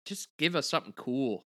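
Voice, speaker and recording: A man co-hosts a podcast in easygoing, casual chat and laughs easily. His voice is bright and forceful. The sound is dry and close. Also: mid-range voice, no room sound. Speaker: podcast co-host.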